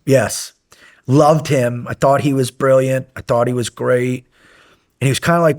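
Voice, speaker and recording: A man at a middle pitch tells an old story with real animation. He keeps slipping into the voices of the people involved and laughs as he goes. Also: moderate pace. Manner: animated, acts out remembered dialogue, laughs while telling. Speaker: guest, former special operations medic. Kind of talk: casual storytelling.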